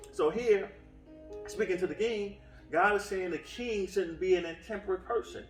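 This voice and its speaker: A man's voice: sits high, normal speed. A man preaching a sermon in an earnest way, often restarting his phrases, heard from some distance in a roomy space with faint music behind. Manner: earnest, with frequent restarts and fillers. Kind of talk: sermon teaching. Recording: roomy echo from off-mic.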